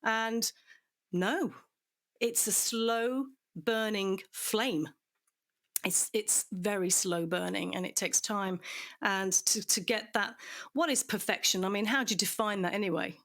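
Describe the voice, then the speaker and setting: A woman hosting a podcast in casual chat, effusive and quick to laugh. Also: medium pitch. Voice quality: chatty, laughs often, warm and effusive. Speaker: podcast host.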